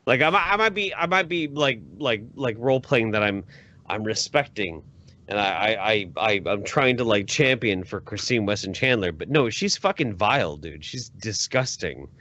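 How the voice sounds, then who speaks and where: Bright, excitable man with swooping pitch. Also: moderate pace. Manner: profane, excitable, repeats himself. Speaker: guest. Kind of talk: casual podcast banter.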